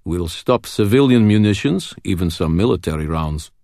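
A sober knight speaks in short, clipped answers with a deep voice, as a male audiobook narrator puts him on. The sound is close and dry, with no room around it. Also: lively intonation, normal speed, dark tone, no room sound. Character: stoic Russian male knight, sober and blunt.

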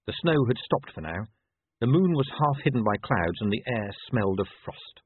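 A man narrating an audiobook in a measured, expressive way. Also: on the low side, husky. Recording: tinny phone-like dry sound.

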